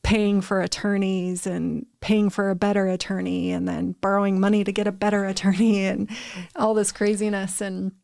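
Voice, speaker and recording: A woman in her thirties tells her own story on a podcast. She talks in a candid, stop-and-start way. Her voice has a gravelly edge and stays fairly flat in pitch, and the sound is dry and close to the mic. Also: normal speed, no echo. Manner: candid storytelling, many restarts and fillers. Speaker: podcast co-host. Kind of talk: casual chat.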